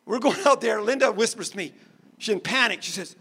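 A man preaching, telling his own story in an animated way, going quiet for the serious parts. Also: sits high, a little fast, vocal fry, breathy edge. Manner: animated storyteller, laughs, drops soft for serious moments. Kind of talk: sermon storytelling.

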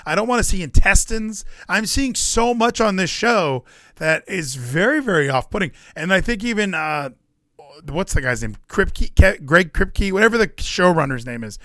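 Animated joking male podcast host. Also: sits high, normal speed, no echo, clean studio sound. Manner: rambling, joking asides and running gags; animated, ranting bursts. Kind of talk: casual chat.

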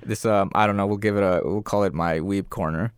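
A man's voice: fairly low pitch, steady tone, fairly quick, smooth, no echo, studio quality. Laid-back man on a podcast. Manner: retells scenes acting out characters' lines. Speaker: podcast co-host. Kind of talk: casual chat.

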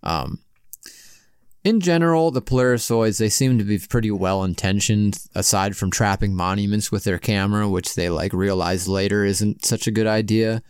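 A man with a low, smooth voice co-hosting a podcast, chatting loosely and swearing as he goes. The sound is dry, right up on the mic with no room echo. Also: normal speed, darkish tone. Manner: loose and swears freely, laughing as he talks. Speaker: podcast co-host. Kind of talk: casual chat.

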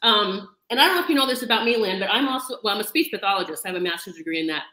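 A woman's voice: medium pitch, lively intonation, racing, bright, forceful tone, reverberant, slight background noise, rough recording. A woman hosting a casual interview who speaks emotionally and tearfully. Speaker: host.

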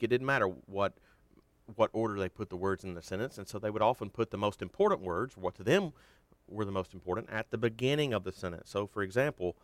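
A man giving an earnest devotional teaching on a Bible chapter, slowing down to stress key words. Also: on the low side, a bit bright, no echo.

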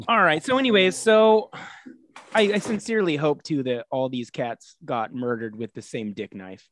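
A man's voice: a little high, moderate pace, a bit bright, slight background noise. A man hosting a comedy podcast, casually retelling a story in an irreverent, crude way. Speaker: podcast host.

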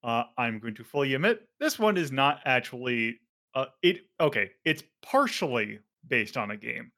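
A man's voice: medium pitch, animated, normal speed, bright, forceful tone. A man hosting a casual podcast, rambling with lots of fillers and self-corrections. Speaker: podcast host.

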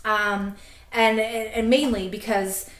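A woman in her twenties from Canada, chatting casually on a podcast and telling a story in an animated way, acting out quotes. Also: mid-range voice, roomy sound. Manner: animated, quick, laughing asides, acts out quotes. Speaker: podcast co-host.

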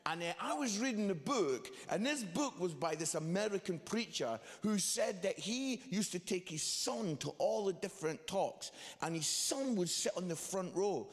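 A preacher in a large hall tells comic stories and slips into the voices of the people in them. His pitch sits high for a man and swings widely. A long reverb hangs on every line. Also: expressive, normal speed, few pauses. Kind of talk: sermon with comic storytelling.

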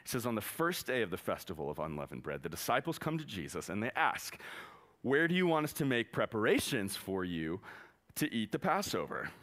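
A man's voice: fairly low pitch, very animated, a little fast, a bit bright. A young man preaching a casual sermon, conversational and joking, acting out quotes in the story. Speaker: youth pastor.

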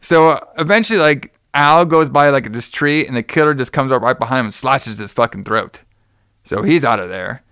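A man in loose, casual conversation walks through a movie plot, swearing freely and slipping into the characters' voices. His voice sits at an ordinary middle pitch. The sound is dry and close. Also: normal speed, a bit bright, clear, resonant tone, no room sound. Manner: profane, rambling, acts out characters' lines. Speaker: podcast co-host recapping a movie. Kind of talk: casual chat.

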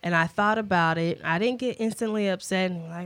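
A middle-aged woman talks through family life in an easygoing, reflective way, laughing often. Her voice sits a little low. The recording is close and dry, with no room sound. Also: fairly quick, fairly bright tone, no room sound. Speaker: podcast co-host. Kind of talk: casual chat.

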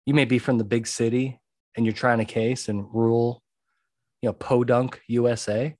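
A man's voice: medium pitch, level tone, moderate pace, darkish tone, dry recording, studio quality. A man hosting a podcast, talking emphatically and repeating his key points as he gives advice. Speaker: podcast host and jury consultant. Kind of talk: conversational monologue giving advice.

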